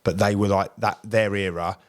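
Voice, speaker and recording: A man co-hosting a podcast in casual chat, speaking earnestly and dipping lower when he talks about people he admires. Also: fairly even intonation, normal speed. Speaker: podcast co-host.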